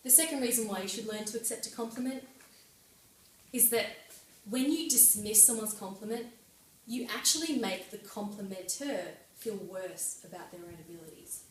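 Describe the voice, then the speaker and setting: A young woman giving a prepared club speech with lively, personal, lightly humorous delivery. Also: medium pitch, normal speed, slight background noise. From Australia. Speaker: club speaker. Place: meeting room. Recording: echoey room from far off.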